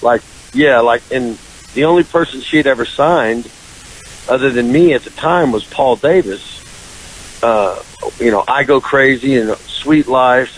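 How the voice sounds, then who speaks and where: A man talks through a story on a radio show, lively and full of voices for his friends. His pitch sits in the middle. A faint hiss runs under the recording. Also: rough recording. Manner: animated storyteller, jumps into high voices for quoted friends. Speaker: country singer, guest. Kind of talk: casual storytelling interview. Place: radio studio.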